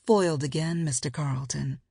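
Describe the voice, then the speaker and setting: A woman voicing a playful, quick-witted grown woman who teases with sudden leaps up in pitch. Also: sing-song, slightly rough, no echo, studio quality, full character voice. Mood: teasing. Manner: teasing, sassy, with pitch leaps.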